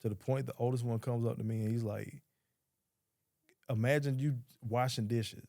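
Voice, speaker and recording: A man's voice: medium pitch, steady tone, normal speed, vocal fry, warm tone, no room sound, studio quality. A man, a podcast guest telling a story in a casual, blunt, profane way and quoting others as he goes.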